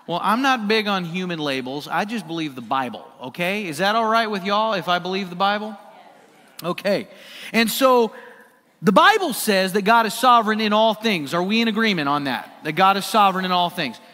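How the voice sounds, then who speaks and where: A man preaching from the pulpit with a bright, high voice, talking to his congregation and putting questions to them. His words ring out with the long reverb of a church hall. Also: expressive, normal speed. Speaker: pastor. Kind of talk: sermon. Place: church sanctuary.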